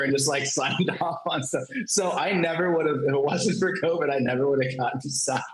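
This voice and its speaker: A man telling a story on a panel in a casual, animated way, laughing often and filling his talk with "like". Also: a little high, a little fast, hardly any pauses. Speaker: comic creator, panel guest. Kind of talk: casual anecdote on a virtual panel. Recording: roomy echo.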